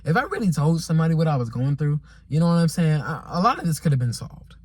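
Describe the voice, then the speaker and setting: A man's voice: a little high, big pitch swings, fast talker, slightly rough, no room sound. A young man vlogging a casual storytime monologue, rambling and repeating himself with exasperation and slang.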